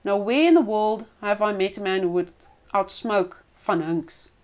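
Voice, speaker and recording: A woman reading aloud and voicing a gruff, boastful old male pirate in a spoken story. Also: medium pitch, unhurried, a little mellow, close to an everyday voice.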